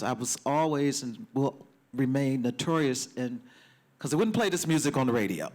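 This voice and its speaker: A man on a discussion panel tells animated stories from his DJ and radio days, acting out the voices of people he quotes. His voice sits at a middle pitch.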